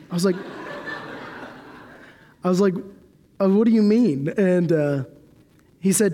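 His voice sits high and warm as this young man gives a sermon in a church hall. He preaches in a loose, conversational style with many fillers and restarts, and the hall adds a long reverb.

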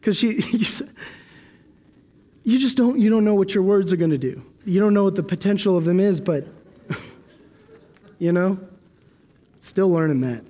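A man's voice: high voice, normal speed, long pauses, warm tone. A young man preaching a sermon in a loose, conversational way, with many fillers and restarts. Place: church hall. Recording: long hall reverb.

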